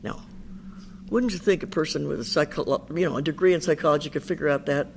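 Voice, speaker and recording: A woman's voice: low-pitched, fast talker, vocal fry, slight background noise. Older woman telling her recovery story. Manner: candid, chatty storytelling with quoted dialogue. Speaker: Al-Anon speaker. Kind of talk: personal recovery talk.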